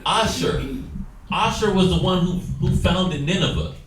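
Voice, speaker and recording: A man's voice: sits high, measured pace. A man teaching a Bible study class, exhorting his listeners and acting out quoted dialogue. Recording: echoey room, distant mic, faint noise.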